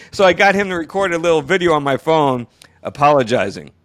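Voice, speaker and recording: Male podcast co-host, lively swinging pitch, chatty anecdote-teller. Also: moderate pace. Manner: animated storyteller, laughs often. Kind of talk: casual chat.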